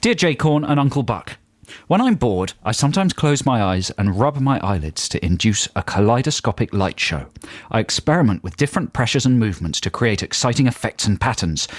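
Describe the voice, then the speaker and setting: A man's voice: fairly low pitch, no room sound. An English man co-hosting a radio show, playful and teasing in casual banter. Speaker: radio co-host. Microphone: studio microphone.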